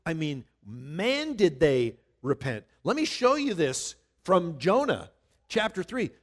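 A man preaching a sermon, reading scripture slowly and loudly, then explaining it in a conversational way. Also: a little high, sing-song. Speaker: pastor.

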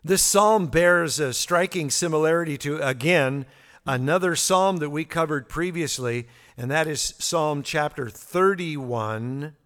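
A man's voice: a little high, measured pace, a bit bright. A man teaching through a psalm verse by verse, in a conversational way with fillers and repeated words. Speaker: Bible teacher. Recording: long hall reverb.

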